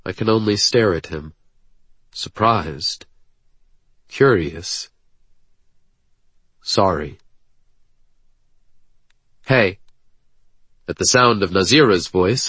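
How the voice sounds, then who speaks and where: A man narrating an audiobook in the first person with a brooding, clipped intensity. His voice is low and husky, and he reads slowly. The recording is close and dry. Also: a bit bright, no echo.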